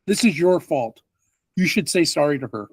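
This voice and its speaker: A man's voice: sits high, very animated, measured pace, dry recording, exaggerated voice. A man voicing a huffy, preachy male guest who lectures and scolds the players in a tabletop game. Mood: scolding. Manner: scolding, condescending.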